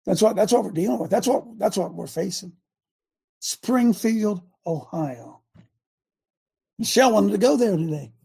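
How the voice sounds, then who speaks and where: A man's voice: sits high, animated, unhurried, gravelly, pauses often, warm tone, breathy edge. A man hosting call-in talk radio, talking in a fervent, preachy way and firing off rhetorical questions.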